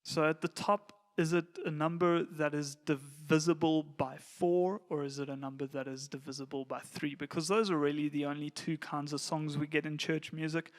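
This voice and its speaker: A man giving a relaxed, plain-spoken lesson to church volunteer musicians, now and then counting beats aloud. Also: a little high, moderate pace, few pauses. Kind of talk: casual instructional talk.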